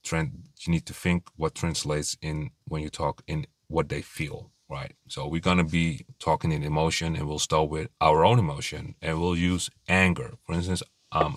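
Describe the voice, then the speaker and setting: A man's voice: a bass voice, flat delivery, normal speed, few pauses, no echo, studio quality. A man giving dating advice in a blunt, rambling casual monologue, swearing freely and acting out little bits of dialogue.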